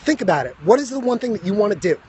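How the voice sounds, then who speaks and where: A man giving a fast, emphatic motivational talk on a phone live stream, out of breath, and he keeps asking "right?". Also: high-pitched, big pitch swings, a little mellow, breathy edge. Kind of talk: energetic motivational talk to viewers. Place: high school grounds.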